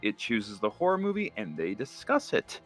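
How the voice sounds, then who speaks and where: A man's voice: lowish voice, normal speed, faint music behind. A young man co-hosting a casual podcast, talking with enthusiasm and slipping into quoted voices. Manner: enthusiastic, animated quoting in put-on voices. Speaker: podcast co-host.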